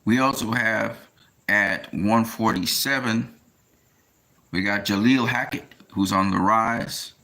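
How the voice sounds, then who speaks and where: A man talking casually in a rambling monologue, often pausing with fillers as he tries to recall names. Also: fairly low pitch, gravelly, sharp tone. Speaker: boxing commentator.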